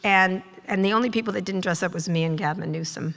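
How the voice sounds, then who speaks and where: A middle-aged woman, a journalist guest at a live talk, telling sardonic, profane stories and mimicking people in quick asides. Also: on the low side, creaky, a bit bright. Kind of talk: on-stage storytelling conversation. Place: live event hall with audience. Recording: long reverb of a large hall.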